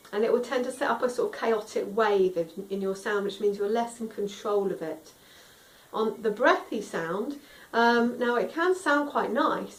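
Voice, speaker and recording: A woman's voice: medium pitch, far from the mic. A woman teaching singing, explaining vocal tone in a friendly, instructive way. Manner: friendly instructive, demonstrates sung tones. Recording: roomy echo, a little off mic.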